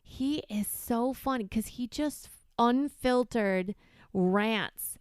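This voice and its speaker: A woman's voice: on the high side, takes it slowly, smooth, no echo, studio quality. A woman co-hosting a casual podcast chat, chatty and prone to trailing off and restarting. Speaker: podcast co-host.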